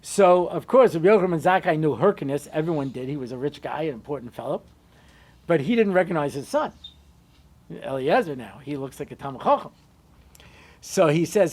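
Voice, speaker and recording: A male rabbi giving a storytelling Torah lecture, conversational with lots of asides. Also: brisk. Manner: conversational, many asides and "you know"s; animated, shifting pitch and loudness.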